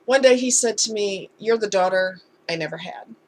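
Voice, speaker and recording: A woman's voice: medium pitch, moderate pace, slight background noise. A woman talking candidly in a casual storytime vlog, conversational and heartfelt. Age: adult. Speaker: vlogger.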